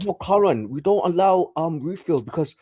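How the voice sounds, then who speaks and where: A man putting on the voice of a French counter worker who turns down a pushy customer, patient but firm. He speaks slightly higher than his own voice, in a mock-polite, lecturing manner. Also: expressive, normal speed, darkish tone, a little hiss or hum, lightly acted.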